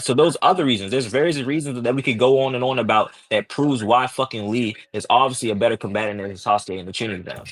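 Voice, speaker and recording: A man's voice: medium pitch, a bit bright, no room sound, poor audio. A man in a heated online debate, cursing constantly and tagging his points with "right?" and "okay?". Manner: profane, combative, repeats "right?" and "okay?".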